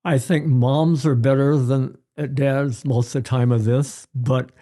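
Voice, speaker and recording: Slow-spoken older man, mellow tone. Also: mid-range voice, fairly even intonation. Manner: unhurried, storytelling, acts out examples. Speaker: pediatrician guest. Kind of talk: advice-giving interview chat.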